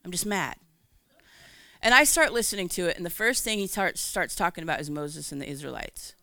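Gravelly, bright-voiced woman telling her testimony. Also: fairly low pitch, fairly quick, no room sound. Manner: candid, animated storytelling with acted-out dialogue. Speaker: Christian speaker. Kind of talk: personal testimony talk.

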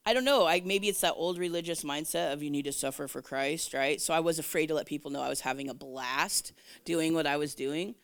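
Woman minister sharing a faith testimony, lowish voice, lively, laughs a lot, dry close sound. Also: a little fast, no room sound. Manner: animated, laughing, acts out quoted voices. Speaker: Christian minister. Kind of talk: personal testimony, casual storytelling.

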